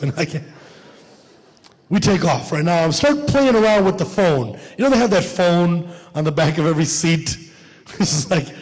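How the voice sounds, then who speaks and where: A man performing stand-up comedy, telling a story in an animated way and acting out the dialogue. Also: high voice, in a large hall.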